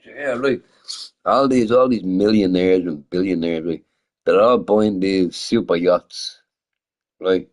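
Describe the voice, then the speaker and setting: Taking it slowly in a low-pitched, slightly mellow voice, this man streams games and rambles casually to his viewers. He swears a lot, laughs, and throws out rhetorical questions, all on a rough recording.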